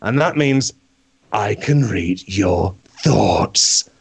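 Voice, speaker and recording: A man's voice: lowish voice, animated, very slow, breathy edge, full character voice. Give me a man doing a foul-mouthed baby, bragging and rambling. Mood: deadpan. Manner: swearing, rambling, giggling mid-line. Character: crude, boastful talking baby girl with an inverted face. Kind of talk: comic monologue.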